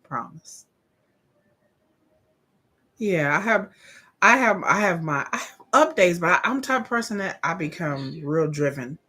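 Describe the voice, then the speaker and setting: A woman's voice: lowish voice, lively intonation, measured pace, long pauses, sharp tone, slightly rough. A woman hosting a live watch-along, chatting candidly, swearing freely and laughing often. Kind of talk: casual reaction commentary.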